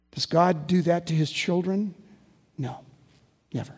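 A man preaching a sermon, telling stories with animated swings between loud and hushed delivery. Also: high voice, unhurried, pauses often, breathy edge. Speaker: pastor. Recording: long hall reverb.

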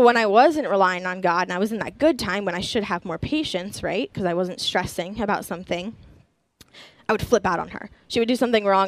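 A woman's voice: mid-range voice, no echo. Earnest young woman giving a talk. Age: young adult. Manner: earnest, personal testimony with scripture reading. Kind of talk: sermon.

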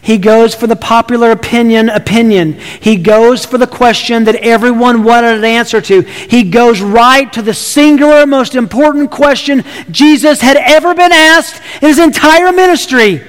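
A man's voice: very high-pitched, moderate pace, few pauses, big-room sound. A man preaching a sermon, emphatic, often restarting his words as he builds his points. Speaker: pastor.

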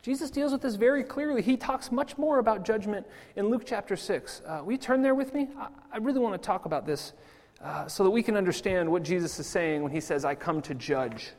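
High-voiced man preaching in a reverberant church. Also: fairly quick. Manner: lively, laughs at his own jokes. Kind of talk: sermon. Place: church sanctuary. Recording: long church hall reverb.

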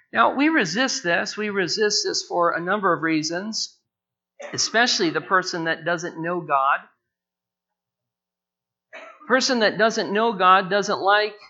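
A male preacher with a bright, forceful voice delivers an expository sermon. He repeats key phrases, drags words out slowly and lifts his pitch when he presses a point. The recording sounds a little dull and lo-fi. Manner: repeats phrases, slows down and rises in pitch for emphasis.

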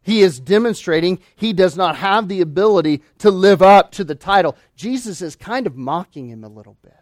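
A man preaching a sermon, emphatic, asking rhetorical questions and swinging between loud declarations and hushed asides. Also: high voice, lively intonation, a little fast, no echo, clean studio sound. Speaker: pastor.

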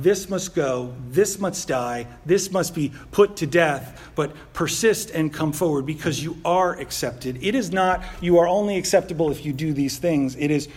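A man preaching a sermon in an animated, conversational way, often checking in with a rhetorical "right?" and slipping in self-deprecating humor. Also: a little high. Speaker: pastor.

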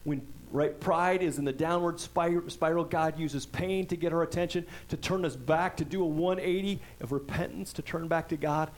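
Conversational preacher, man, fairly high voice. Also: normal speed, hardly any pauses, poor audio. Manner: conversational preaching, frequent "right?" asides; reads scripture aloud with emphasis. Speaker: pastor. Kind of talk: sermon.

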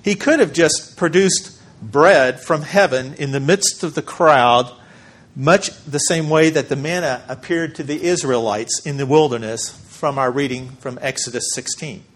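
A man preaching a sermon as pastor, measured and emphatic, with deliberate pauses for weight. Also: fairly high pitch.

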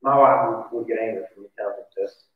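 A man's voice: lowish voice, fast talker. A pastor giving a sermon in a conversational, confessional way, often asking his listeners questions. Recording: distant, echoey, dull church recording.

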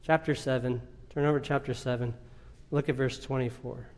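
A man preaching a sermon, with emphatic, deliberate phrasing and pointed rhetorical questions. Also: medium pitch, fairly even intonation.

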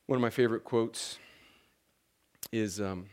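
A man's voice: fairly low pitch, unhurried. A man preaching a sermon as pastor, talking in a conversational, emphatic way that often restarts its sentences.

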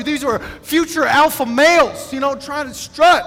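A man from Wisconsin preaching a sermon as pastor, in an animated, conversational way. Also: very high-pitched, fairly quick, hardly any pauses. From Wisconsin, USA. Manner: animated, conversational, acts out quotes. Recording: long reverb from a large hall.

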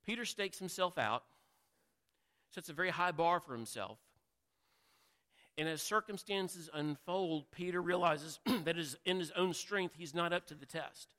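Bright-voiced preacher in an echoing hall. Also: male voice, fairly high pitch, unhurried. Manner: conversational, asks the listeners questions, acts out quotes. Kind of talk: sermon. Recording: long reverb of a large hall.

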